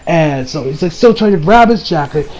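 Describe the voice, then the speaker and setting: A man's voice: fairly high pitch, lively intonation, moderate pace, darkish tone, poor audio. A young man casually recapping an anime episode, rambling and playful, laughing as he retells scenes.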